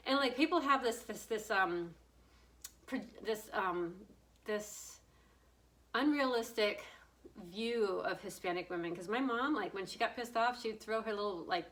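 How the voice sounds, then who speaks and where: A woman's voice: medium pitch, animated, moderate pace, a bit bright, rough recording. A middle-aged woman giving a casual opinion monologue, blunt and rambling, swearing and laughing often. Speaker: political commentator.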